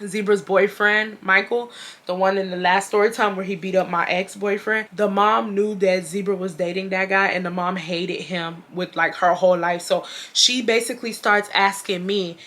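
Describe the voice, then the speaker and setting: Bright-voiced young woman from Texas. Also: mid-range voice, moderate pace. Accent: Southern US, Texas. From Houston, Texas. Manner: animated, profane, slangy, acts out quotes loudly. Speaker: storytime vlogger. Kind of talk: casual storytelling to camera.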